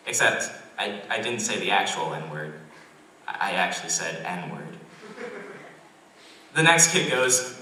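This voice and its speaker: A man's voice: on the low side, very animated, sharp tone, a little hiss or hum. Awkward young man doing stand-up. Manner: awkward, self-deprecating, halting restarts. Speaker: stand-up comedian. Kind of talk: stand-up comedy set. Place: college comedy club stage. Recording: roomy distant club recording. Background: audience laughter.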